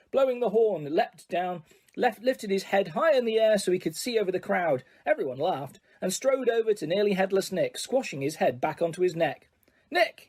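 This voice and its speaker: A man narrating an audiobook. He tells the story steadily, now and then stumbling over a word. His voice is high for a man. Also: husky. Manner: steady storytelling with small slips.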